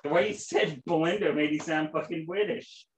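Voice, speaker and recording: A man's voice: a little high, normal speed, a little hiss or hum. A young man hosting a casual podcast, profane, rambling and exasperated. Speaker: podcast host.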